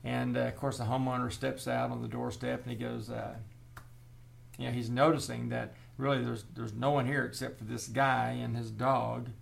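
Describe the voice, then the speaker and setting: Gravelly man telling a folksy joke. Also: mid-range voice, flat delivery, moderate pace, slight background noise. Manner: rambling, folksy, with fillers. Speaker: storyteller.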